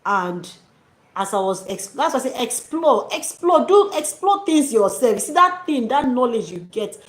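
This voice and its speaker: Sing-song and fairly high-pitched, this woman talks at normal speed from an echoey room with a bit of faint noise. As a YouTube host, she dishes out encouraging, preachy motivation in a casual way, addressing viewers as "dearies" and "sis."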